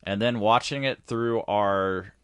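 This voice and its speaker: A man's voice: fairly low pitch, takes it slowly, clear, resonant tone, dry recording, clean studio sound. A man in his forties co-hosting a podcast in casual chat, rambling loosely with lots of filler words. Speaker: podcast co-host.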